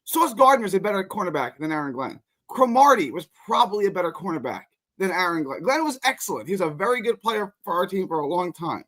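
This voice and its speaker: A man's voice: high-pitched, big pitch swings, fast, a bit bright. A man calling in to a live show, apologetic and rambling in a casual chat. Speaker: caller. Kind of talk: call-in chat.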